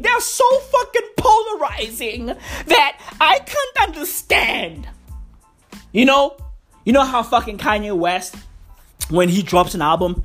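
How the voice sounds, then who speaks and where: A woman rants in an animated, slang-heavy comic style, swearing freely. Her voice sits a little high and she takes her time with each line. Faint music plays underneath. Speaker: comedian. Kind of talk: profane comic rant.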